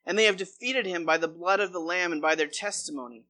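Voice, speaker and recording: A man's voice: high-pitched, fast talker, bright, forceful tone. A man preaching a sermon as pastor, reading a long scripture passage aloud before explaining it.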